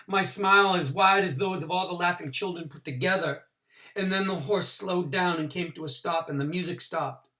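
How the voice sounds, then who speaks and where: A male teacher reading a novel aloud to his class, with expressive voices for the characters and small asides explaining things. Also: on the high side. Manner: adds short explanations for listeners. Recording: voice picked up from a distance from the mic.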